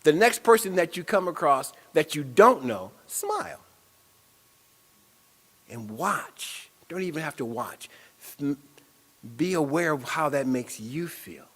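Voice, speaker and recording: Man, sermon, church speaker, fairly high voice, repeats phrases, leads affirmations. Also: lively intonation, unhurried. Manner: warm, playful preaching with affirmations and repeated phrases. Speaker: spiritual speaker.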